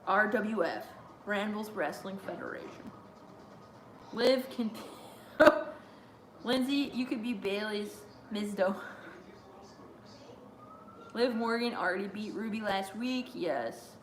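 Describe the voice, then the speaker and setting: A woman's voice: medium pitch, takes it slowly, long pauses, a little hiss or hum. A young woman hosting a casual live watch-along stream, chatty and giggly as she reads viewer chat aloud. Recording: roomy echo.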